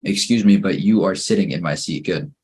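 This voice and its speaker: A man leads an English grammar class, working through the sentences one by one. His voice sits low and sounds a little husky. He keeps a calm, patient teaching manner. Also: a little fast. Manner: patient, steady drilling through exercises, praising each answer. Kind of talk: online grammar lesson.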